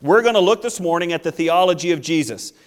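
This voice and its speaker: Guy preaching a sermon, highish voice, emphatic and repetitive, pastor style. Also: animated, quick pace.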